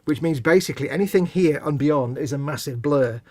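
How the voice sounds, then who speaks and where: A man's voice: fairly high pitch, a little fast, a little mellow, no echo. A man co-hosting a live model-building stream, joking and teasing, explaining things at length. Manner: jokey, teasing, rambling explanations. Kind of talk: casual chat.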